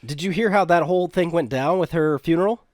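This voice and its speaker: A man co-hosting a podcast, chatting casually and riffing with quick silly bits. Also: on the high side, no room sound, clean studio sound. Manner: animated, does quick silly voices in bits. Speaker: podcast co-host. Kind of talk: casual comedic chat.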